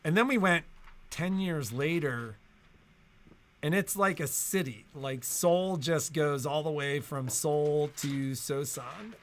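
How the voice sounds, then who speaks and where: A man's voice: a little high, a little hiss or hum. A man co-hosting a sewing shop video, talking casually and rambling with lots of fillers. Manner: slow, rambling with many fillers.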